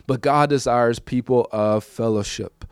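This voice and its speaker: A man in his thirties preaching a personal testimony in a conversational, emotional way, moving from quiet recollection to raised, emphatic lines. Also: medium pitch, steady tone, unhurried, smooth, no echo. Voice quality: conversational, emotional, repeats himself. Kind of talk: testimony sermon.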